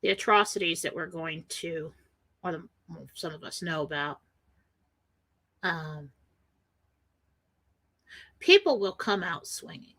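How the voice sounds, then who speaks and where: A woman's voice: low-pitched, animated, slow, long pauses, pushed and bright, poor audio. A woman hosting a spiritual radio talk show, telling a personal story with emotion and acting out the voices of the people in it.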